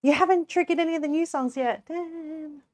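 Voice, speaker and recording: A woman's voice: sits high, moderate pace, darkish tone, dry recording. A young woman chatting casually with her live-stream viewers as she cooks, giggling often between chatty, rambling remarks. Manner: chatty, giggly, laughs often, many fillers. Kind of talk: casual live-stream chat while cooking.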